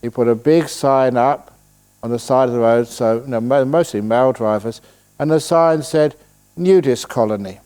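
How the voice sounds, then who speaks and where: A man, a Buddhist monk, giving a relaxed dharma talk at a retreat, telling stories and answering questions with playful humor. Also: mid-range voice, clear, resonant tone. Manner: storytelling, playful, slows voice to demonstrate calm. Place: retreat hall.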